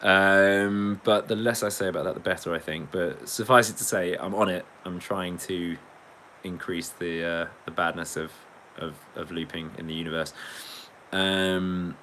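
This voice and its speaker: A steady-toned English man whose voice sits low talks at a moderate pace with a bright, forceful sound; the audio is poor, carrying a little hiss or hum. As a livestreaming musician, he rambles casually, jokes, swears, and reads viewers' comments aloud.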